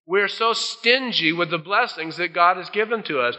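Man preaching, bright voice in a big hall. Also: sits high, normal speed, hardly any pauses. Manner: folksy, acts out quoted voices. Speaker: pastor. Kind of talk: sermon. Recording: dull old sermon tape in a large hall.

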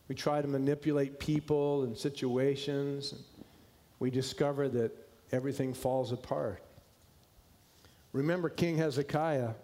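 A male pastor delivers a sermon in a medium-pitched voice, slowly leaning on key words and sometimes dropping to a hushed tone.

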